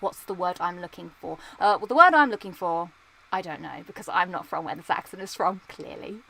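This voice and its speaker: A woman's voice: lowish voice, lively intonation, fairly quick, gravelly, pushed and bright. A young woman streaming and chatting casually with viewers, rambling and playful, full of fillers and restarts, often laughing at herself. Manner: playful, self-mocking. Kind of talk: casual chat.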